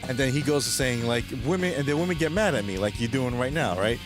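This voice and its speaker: Male streamer, mid pitch, loose rambling chat with viewers, quick to laugh. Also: expressive, music in the background. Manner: rambling, chuckles often, retells jokes. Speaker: live streamer reading chat. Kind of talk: casual late-night stream chat.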